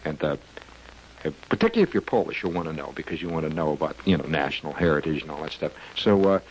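A man hosting a rambling, whimsical comic radio monologue. He hesitates often with "uh" and breaks into squeaky silly voices. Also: fairly even intonation, fast talker, a little hiss or hum, low-quality recording. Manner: whimsical, digressive, full of "uh" and sudden squeaky voices. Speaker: radio host. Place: radio studio.

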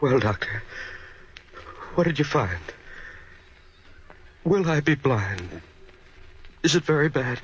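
An actor playing an anxious, stammering patient with bandaged eyes in a 1940s radio drama. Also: male voice, mid-range voice, big pitch swings, takes it slowly, long pauses, breathy edge, heavily acted. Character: frightened older man, bandaged and blind. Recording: dull old radio recording.

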